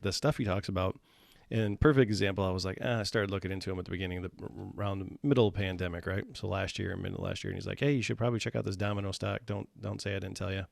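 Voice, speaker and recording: A man's voice: fairly low pitch, creaky, no room sound. A man talking in a rambling casual chat as a podcast guest, full of fillers and restarts. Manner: rambling, filler-heavy storytelling.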